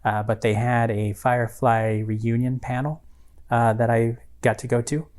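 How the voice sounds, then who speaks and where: A man's voice: medium pitch, flat delivery, measured pace, darkish tone. A man co-hosting a podcast, telling a story in casual chat, rambling with many fillers and restarts. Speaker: podcast co-host.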